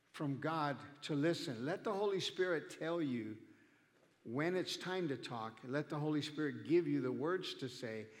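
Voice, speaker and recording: A man's voice: on the high side, long reverb tail. A male pastor preaching a sermon in a conversational way, acting out the people he quotes. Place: church.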